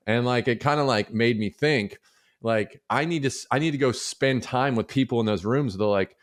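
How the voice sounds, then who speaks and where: A middle-aged man talking as a guest in a casual interview, relaxed and rambling with many fillers and asides. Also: mid-range voice, fairly quick. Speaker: guest, real estate investor.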